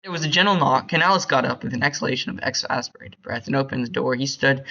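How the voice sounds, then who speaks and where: A young man reading a short story aloud in a bored, hurried way, stumbling over words. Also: mid-range voice, vocal fry, pushed and bright, muffled recording. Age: young adult. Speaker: reader.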